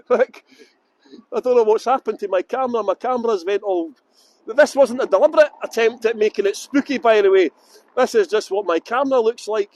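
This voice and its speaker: A man's voice: high-pitched, normal speed, a little mellow. A Scottish man hosting a live virtual tour outdoors, chatting upbeat and greeting viewers by name. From Scotland. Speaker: tour guide host.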